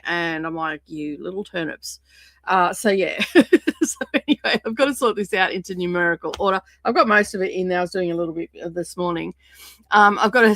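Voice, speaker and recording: A woman's voice: on the low side, fairly bright tone, dry recording. A woman hosting a casual craft livestream from her home craft space, chatting in a rambling way as she explains what she is doing. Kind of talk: casual craft-along chat.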